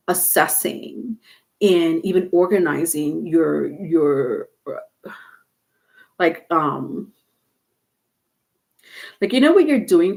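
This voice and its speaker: Halting, rambling woman reading tarot. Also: fairly low pitch. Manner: rambling, halting, many fillers and restarts. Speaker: tarot reader. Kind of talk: casual livestream tarot reading.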